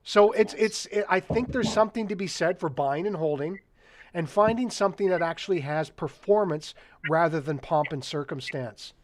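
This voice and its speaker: A man's voice: sits high, normal speed, a little hiss or hum. A man hosting a casual market chat, reading out listener questions and speaking bluntly with the odd swear.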